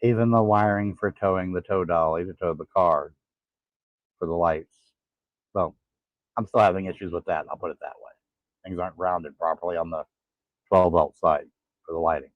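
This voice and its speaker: A man in his forties telling his own story in a halting, tired way, pausing to catch his breath. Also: low voice, steady tone, no room sound. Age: 40s. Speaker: vlogger. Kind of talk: casual personal vlog. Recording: tinny phone-like sound.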